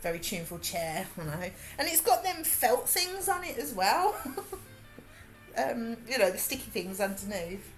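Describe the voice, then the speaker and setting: A woman's voice: on the high side, very animated, normal speed, soft background music. A woman with a Birmingham accent, chatting casually and laughing while she works on a craft during a livestream. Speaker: livestream host.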